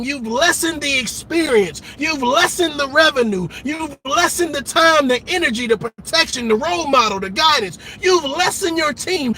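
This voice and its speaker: A man's voice: extremely high pitch, lively intonation, moderate pace, hardly any pauses, pushed and bright, slight background noise. A man hosting a show, delivering an emphatic commentary monologue, repeating his points and calling out to his listeners. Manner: emphatic, repetitive, calls out to listeners. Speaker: show host.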